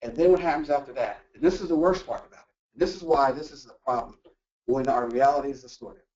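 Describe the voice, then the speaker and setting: A man presenting a motivational workplace talk, animated and full of rhetorical questions. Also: medium pitch, quick pace. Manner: animated, acts out quoted voices and asks rhetorical questions. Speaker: workshop presenter. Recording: echoey room, distant mic, dull lo-fi sound.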